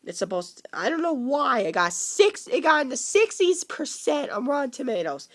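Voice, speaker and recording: A young man in his teens with a cold, rambling casually about movies he likes and dislikes, with frequent halting restarts. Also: very high voice, very animated, a bit bright. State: coming down with a cold. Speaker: vlogger.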